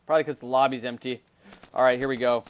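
A young man giving live commentary over a mobile shooter game, getting frustrated and breaking into loud yelling outbursts. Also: medium pitch, fairly even intonation, fast talker. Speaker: gaming channel host.

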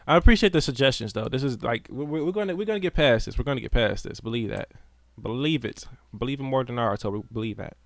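A man streams a game and chats along as he plays, answering his viewers and calling out to the characters on screen. His pitch swings a lot. The sound is dry and close to the mic. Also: fast talker, hardly any pauses, no echo. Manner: animated, chatty, talks to chat and game characters. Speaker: gameplay streamer. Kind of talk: casual live gameplay commentary.

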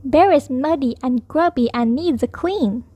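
A fussy storybook dad, as a woman reading aloud puts him on talks in a matter-of-fact, mildly disgusted tone. The voice is high and unhurried, and the recording is close and dry. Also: dark tone, no echo.

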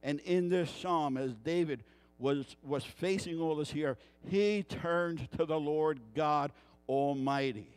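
High-voiced man preaching a sermon. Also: slow, clear, resonant tone. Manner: storytelling, acting out quoted voices; rhetorical questions to the congregation. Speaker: pastor.

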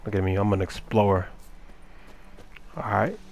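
A man's voice: lowish voice, animated, normal speed, a little mellow. A young man giving casual, joking let's-play commentary, talking back to game characters in a folksy drawl. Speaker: gameplay commentator.

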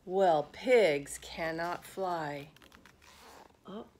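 Woman therapist, storybook read-aloud, slow and gentle, asks kids questions. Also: on the low side. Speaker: family therapist. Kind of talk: children's picture book read-aloud.

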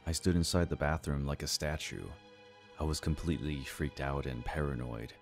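A man narrating a first-person horror story in a slow, even, scripted storytelling delivery. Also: a bass voice. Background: faint background music.

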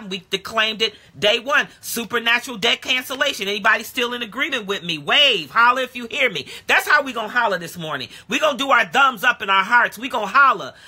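A woman preaching a live-streamed sermon in a casual, call-and-response way that swings from low talk to shouted praise. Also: breathy edge. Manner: casual street-talk phrasing. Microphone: phone or webcam live stream.

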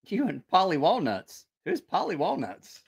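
A man's voice: high-pitched, wildly swooping pitch, normal speed, gravelly, husky. Profane, rambling man chatting with viewers. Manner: rambling and profane, reacting to comments. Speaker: channel host. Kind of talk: casual livestream chat with viewers.

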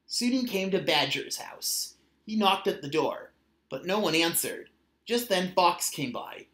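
A man's voice: sits high, very animated, a little slow, a bit bright. Man reading a children's story aloud. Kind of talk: children's book read aloud. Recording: roomy echo.

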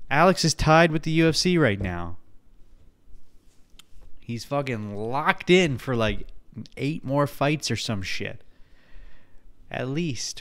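Smooth-voiced man ranting on a podcast. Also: medium pitch, animated, normal speed. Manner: rambling, profane, jokey. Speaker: podcast host. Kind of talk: casual solo podcast rant.

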